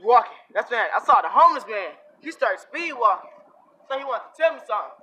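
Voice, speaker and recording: A young man vlogger telling a comic story in heavy slang, animated and full of repeated catchphrases. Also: very high voice, quick pace, slight background noise, poor audio.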